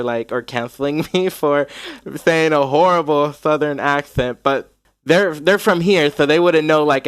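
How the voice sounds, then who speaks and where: A man's voice: mid-range voice, a bit bright, smooth, no room sound. A man from North Carolina chatting casually, rambling with lots of likes and restarts. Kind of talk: casual podcast chat.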